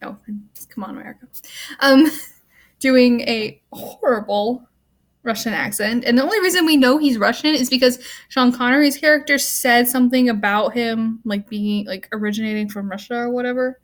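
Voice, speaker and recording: Young female student vlogger, a little high-pitched, casual rambling rant with a wry tone. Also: normal speed. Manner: rambling, full of "like" and "um"; offhand and wry. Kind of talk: casual movie rant to camera.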